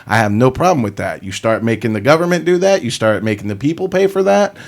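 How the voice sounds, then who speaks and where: A man's voice: medium pitch, very animated, fast, creaky. A man co-hosting a talk radio show, explaining his points steadily in casual conversation and laughing easily. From Florida. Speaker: radio co-host.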